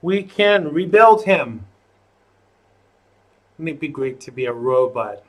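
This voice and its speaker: A man hosts his livestream in a loose, rambling way, tossing out jokes and asides to viewers. He talks at an unhurried pace, and his voice sits slightly high for a man. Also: expressive. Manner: rambling, jokey, chatty asides. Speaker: host of a live online talk show. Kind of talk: casual livestream chat.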